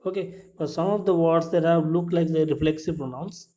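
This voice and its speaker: A man teaching English grammar step by step in non-native English, repeating his points and checking with "clear?". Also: on the high side, normal speed, dark tone. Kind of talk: classroom grammar lesson. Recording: dull lo-fi recording.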